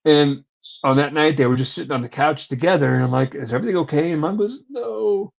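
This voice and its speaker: A man's voice: fairly high pitch, fast talker, gravelly. A young man co-hosting a casual wrestling recap, rambling and swearing as he tells stories. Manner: profane, rambling storyteller. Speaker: podcast co-host. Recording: dull lo-fi recording.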